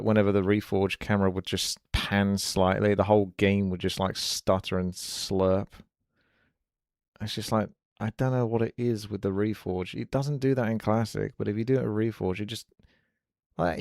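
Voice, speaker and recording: A man talks over his live game stream in a loose, chatty ramble. His voice sits low with a gravelly, creaky edge. The sound is dry and close, with no room echo. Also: darkish tone. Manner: chatty, musing aloud with filler likes. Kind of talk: casual live-stream commentary.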